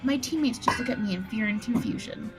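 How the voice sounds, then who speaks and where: A woman's voice: a little high, brisk, music in the background, close to an everyday voice. A woman voicing a dim, earnest young male jock quarterback with a bro-ish, rambling way of talking.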